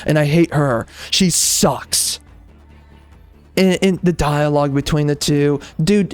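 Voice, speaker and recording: A man delivers a heated video game review, talking in casual slang with plenty of fillers and restarts. He sounds exasperated and hammers the same points again and again. His voice sits a little high, and the recording is close and dry. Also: dry recording. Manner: exasperated, repetitive, emphatic ranting.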